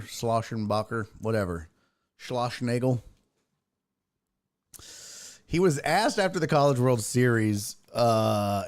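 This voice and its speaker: A man hosting a sports show, ranting casually in a profane, mocking way. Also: fairly low pitch. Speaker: sports podcast host.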